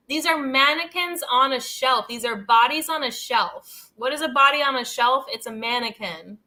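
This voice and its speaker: A woman's voice: sits high, normal speed, hardly any pauses, bright, forceful tone. A woman host chatting casually and loosely, peppering her talk with "like" and "dude" and laughing between thoughts. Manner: rambling, heavy use of "like" and "dude". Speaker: channel host. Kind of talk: casual commentary chat.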